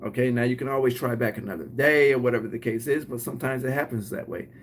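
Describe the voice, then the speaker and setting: A man's voice: mid-range voice, fast, a little hiss or hum. A man with a Detroit accent who runs a cleaning business, giving casual advice to viewers and often ending points with "right?". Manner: acts out both sides of short scenes.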